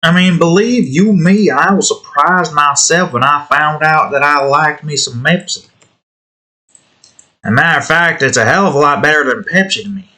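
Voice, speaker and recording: A hobby game developer with a fairly high, sharp-toned voice talks at a moderate pace while building his own game. The chat is casual and rambling, full of swearing and remarks aimed at the pieces he edits, plus a put-on redneck drawl used as a joke.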